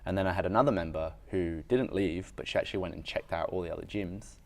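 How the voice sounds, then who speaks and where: A man's voice: low-pitched, fast talker. A man, a strength coach and podcast guest, talking frankly and reflectively about himself in a casual, filler-heavy way. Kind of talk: candid conversational storytelling.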